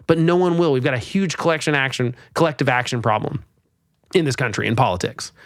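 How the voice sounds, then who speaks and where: A man hosting a podcast, giving exasperated, animated political commentary with sarcastic mock quotes. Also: medium pitch, fairly quick, no room sound, studio quality. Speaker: podcast host.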